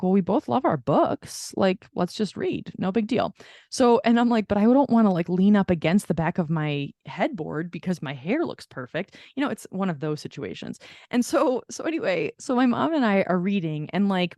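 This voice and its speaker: A woman's voice: medium pitch, no room sound. A woman co-hosts a podcast and tells a rambling story in a loose, casual way. She swings into voices for the people she quotes. Her voice sits in a middle range and sounds close and dry. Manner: animated storyteller who acts out quoted people. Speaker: podcast co-host.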